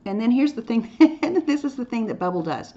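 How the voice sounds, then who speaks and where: A woman's voice: on the high side, expressive, moderate pace, dark tone. A woman teaching a drawing lesson in a playful, chatty way, dropping into whispered asides as she demonstrates. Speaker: art teacher. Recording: dull lo-fi sound with faint noise.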